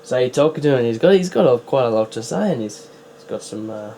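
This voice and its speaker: A man's voice: mid-range voice, lively intonation, fast, mellow, a little hiss or hum. A man giving casual running commentary while setting up and playing old PC games, with wry, chatty asides. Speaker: retro PC builder and player.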